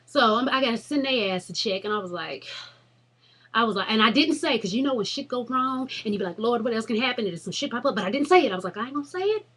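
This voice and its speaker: A young woman with a slightly high, husky voice tells a funny story straight to her camera. She talks in a loud, animated way and swears freely as the tale builds. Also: quick pace. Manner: animated, profane, dramatic storytelling. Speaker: vlogger. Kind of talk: casual storytelling vlog.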